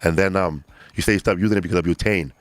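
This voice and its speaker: A low-voiced man who talks very fast, jokes crudely and stumbles through fillers in loose conversation. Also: no echo. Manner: rapid, crude, joking, full of fillers. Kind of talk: casual chat.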